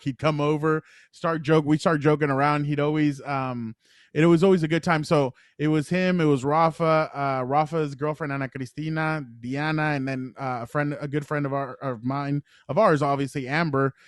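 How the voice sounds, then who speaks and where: A young male podcast co-host talks through a loose weekend story, stumbling through fillers and breaking into little laughs. His voice sits a bit higher than most men's. The recording is close and dry, with no room sound. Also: no room sound. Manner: rambling, lots of fillers and laughing asides. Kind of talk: casual storytelling chat.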